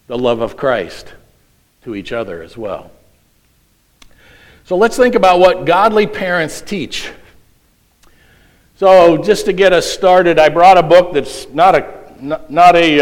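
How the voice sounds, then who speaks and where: A man's voice: a little high, low-quality recording. A middle-aged man preaching a sermon, reading a children's quiz aloud with playful voices. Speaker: pastor.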